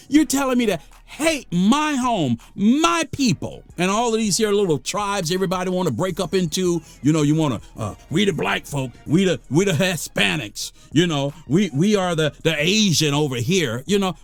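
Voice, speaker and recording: An American man talks straight to the camera in a fired-up, preachy monologue, his high voice leaping all over the place. He hammers points home by repeating phrases. The sound is dry and close, with faint music underneath. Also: normal speed, vocal fry, hardly any pauses, dry recording. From United States. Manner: gets worked up, then calms himself. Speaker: vlogger.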